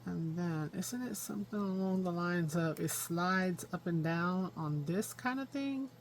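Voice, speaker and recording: A woman's voice: lowish voice, unhurried, a little hiss or hum. A woman hosting a casual crafting vlog, rambling to herself as she works at her craft table at home. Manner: rambling self-talk while working with her hands. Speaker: crafting channel host.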